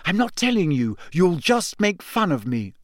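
A man reading aloud voices a clever, sharp-tongued teenage girl with a brisk manner. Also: sits high, sing-song, no room sound, clean studio sound, pitched above the performer's own voice. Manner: brisk, scathing. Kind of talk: audiobook character voice.

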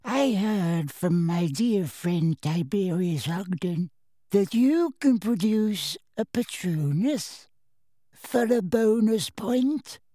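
A frail old wizard examiner with a thin, raised, quavering voice. He drawls each word out very slowly, in a warm, mellow tone. The sound is dry and close. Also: high-pitched, expressive, dry recording, pitched above the performer's own voice, heavily acted. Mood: genial. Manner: slow, quavering and doddering. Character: frail, enthusiastic elderly male wizard examiner.

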